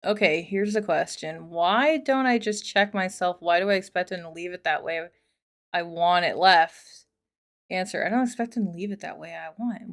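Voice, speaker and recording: A woman reading online posts aloud and commenting on them in a chatty way. She talks casually, trails off into asides and swears freely. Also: on the low side.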